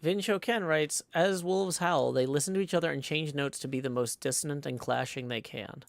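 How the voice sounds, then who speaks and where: A man livestreaming in casual chat, reading viewer messages aloud and rambling with many pauses and restarts. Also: on the high side, creaky, no room sound. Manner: hesitant and rambling, many ums and restarts, tries out playful howls.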